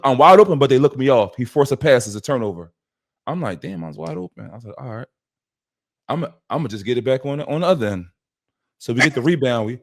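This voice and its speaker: Man telling a lively story. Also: mid-range voice. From West Philadelphia. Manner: acts out quoted dialogue with shifting voices. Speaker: podcast host. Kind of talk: animated storytelling.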